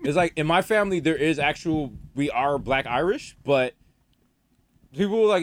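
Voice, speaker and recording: A man co-hosting a podcast, riffing loosely in casual comedic banter and slipping into quick mock voices. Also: on the high side, expressive. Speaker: podcast co-host.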